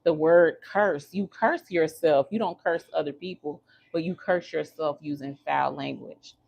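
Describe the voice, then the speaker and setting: A woman chats casually on her livestream, teasing and talking to her viewers as she goes. Her voice sits a little low and has a gravelly edge. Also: measured pace, a little mellow, dull audio. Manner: chatty, teasing, talks to viewers while doing hair. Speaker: livestream host.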